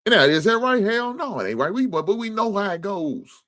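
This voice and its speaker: At a normal speed and with an expressive voice, this profane, preachy man hosts sports talk, casually commenting on a video. His delivery ranges from low grumbling to high-pitched outraged shouting.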